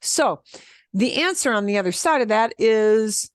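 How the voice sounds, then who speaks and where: A woman teaching a beginner Spanish class, explaining step by step in an animated way and laughing often. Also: fairly high pitch, measured pace, clear, resonant tone, dry recording, clean studio sound. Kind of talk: beginner language lesson.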